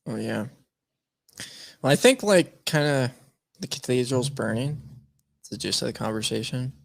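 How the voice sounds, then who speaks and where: A man's voice: medium pitch, expressive, normal speed, creaky, no echo. A man co-hosting a podcast, joking and sarcastic in a casual chat. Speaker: podcast co-host.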